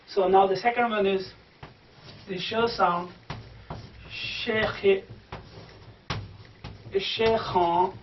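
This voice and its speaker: High-voiced man teaching verse pronunciation. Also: a little hiss or hum. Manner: slow, repetitive sound-by-sound spelling out. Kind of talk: explaining Persian verse pronunciation. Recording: distant, echoey, dull room recording.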